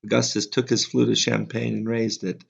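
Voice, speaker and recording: Low gravelly guy reading an audiobook, calm, kinda muffled audio. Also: normal speed. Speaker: audiobook narrator. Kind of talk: scripted narration. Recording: slightly dull lo-fi audio.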